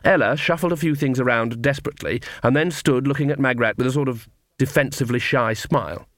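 Dry, measured male audiobook narrator. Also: mid-range voice, fairly bright tone, no echo.

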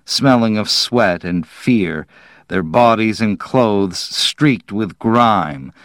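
A man narrating a story in a slow, measured audiobook reading. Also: fairly low pitch, expressive, fairly bright tone, dry recording, studio quality.

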